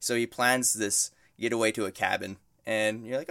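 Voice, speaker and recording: A man's voice: lowish voice, fairly even intonation, normal speed, gravelly, sharp tone, no room sound, studio quality. A man casually recapping a movie plot on a podcast, rambling, laughing often and acting out the characters' lines. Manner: rambling storytelling, laughs often, acts out quotes. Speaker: guest describing a movie.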